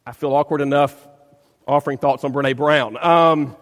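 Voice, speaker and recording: A man's voice: medium pitch, steady tone, moderate pace, long reverb tail. A man, a pastor, preaching a sermon in an emphatic way, often repeating words as he searches for the phrasing.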